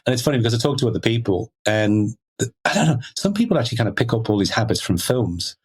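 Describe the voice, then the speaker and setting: A man's voice: mid-range voice, lively intonation, fast talker, slightly rough. A middle-aged man, a guest telling stories in a rambling way, full of "you know" fillers. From Liverpool, England. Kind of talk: conversational storytelling.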